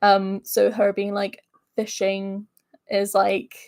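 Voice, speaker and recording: A woman's voice: medium pitch, completely flat delivery, takes it slowly, darkish tone. A woman co-hosting a casual stream, chatting loosely with lots of fillers and reading a story aloud. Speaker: co-host.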